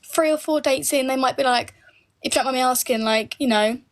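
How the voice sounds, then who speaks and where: A woman in her late twenties, voice sitting high, talks a little fast as she answers viewers on a casual live stream. She speaks her mind bluntly and swears without restraint.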